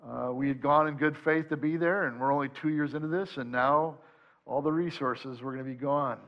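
A man preaching a sermon, first reading scripture in a measured way, then telling a personal story in a relaxed, conversational tone. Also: fairly high pitch, muffled recording. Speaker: pastor.

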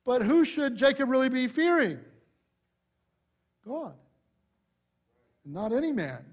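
A man preaching a sermon, shifting from loud emphasis to hushed asides, conversational with light humor. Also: very high-pitched, very animated, slow pace. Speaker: pastor.

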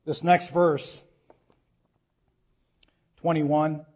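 A man's voice: on the high side, little pitch movement, darkish tone. Earnest man preaching a sermon. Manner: earnest preaching, reads scripture slowly, rises to urgent appeals. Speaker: pastor.

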